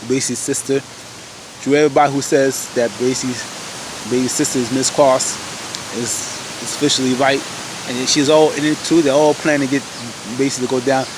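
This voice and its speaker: A man casually recapping a TV episode, animated, exclaiming and laughing as he retells the scenes. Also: mid-range voice, background noise. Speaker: TV episode reviewer.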